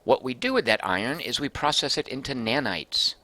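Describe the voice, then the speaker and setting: A man's voice: medium pitch, sing-song, fairly quick, sharp tone. A man casually commenting as he streams a game, thinking aloud and reading out viewer comments.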